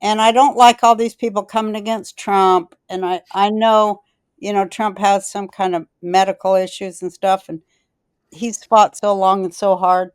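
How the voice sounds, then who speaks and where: Woman host, smooth clear voice, dry close sound, rambling, profane, blunt storytelling. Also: medium pitch, level tone, moderate pace, no echo. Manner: rambling, profane and blunt, loses her thread. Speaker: podcast host. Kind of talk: casual rambling storytelling chat.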